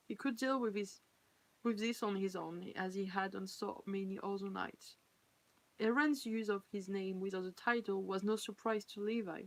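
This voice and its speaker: A woman whose first language is French, speaking with a French accent, reads fan fiction aloud on a live stream, pausing to chat and laugh at her slips. Her mid-range voice has fairly even intonation, and the audio is poor.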